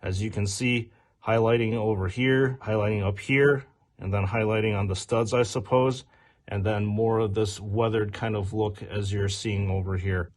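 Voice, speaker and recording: A man's voice: lowish voice, steady tone, normal speed, darkish tone. Upbeat man hosting a toy review. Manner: upbeat, detail-focused commentary. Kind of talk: casual product review.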